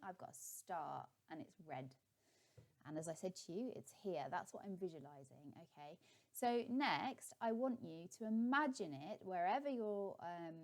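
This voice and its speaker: A middle-aged woman, a life coach, giving a guided visualisation tip in a chatty, encouraging way with many ums. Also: fairly low pitch.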